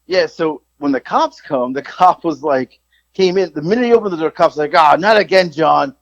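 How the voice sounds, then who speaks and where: A man co-hosting a podcast, telling stories in casual chat, swearing freely and jumping up in pitch when he quotes himself. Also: moderate pace, no room sound. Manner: animated storyteller, jumps high when quoting himself, swears freely. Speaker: podcast co-host. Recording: slightly dull lo-fi sound.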